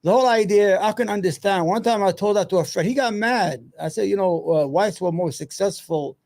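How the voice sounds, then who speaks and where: This high-pitched man talks a little fast, his voice creaky and slightly mellow, as he hosts a loose, profane commentary show alone. Between points he mutters to himself while searching for things.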